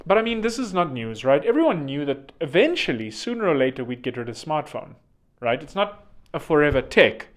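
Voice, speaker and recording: A man's voice: fairly high pitch, very animated, fairly quick. A man hosting a podcast, talking in a rambling, chatty way with joking asides. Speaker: podcast host. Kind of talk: casual podcast monologue.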